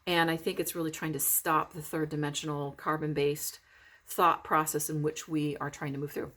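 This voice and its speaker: A woman's voice: deep voice, little pitch movement, moderate pace, a bit bright, slight background noise. A middle-aged woman recording a casual vlog while recovering from illness, talking in a rambling, heartfelt way with many fillers and restarts. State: recovering from illness, foggy-headed. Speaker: vlogger. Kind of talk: casual spiritual vlog talk.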